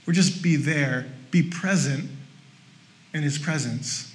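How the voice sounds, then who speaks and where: Male pastor, sermon, chatty and self-mocking, somewhat high voice, faint room hum behind. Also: takes it slowly. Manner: conversational and self-mocking, acting out his own frustration in high bursts.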